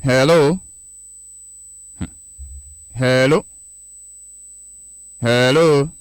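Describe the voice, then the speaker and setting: A man with a Ghanaian accent hosting morning radio in a studio, talking in a hesitant, lively way mixing Twi and English. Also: mid-range voice, drawn-out words, clean tone, no room sound. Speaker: radio show host. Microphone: studio mic.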